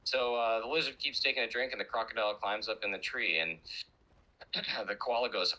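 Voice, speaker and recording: A man with a low but sharp, bright voice chats on a call with a fellow streamer. He talks through his ideas aloud and tells a story at an easy pace. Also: brisk, rough recording. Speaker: guest streamer. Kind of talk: casual chat over voice call.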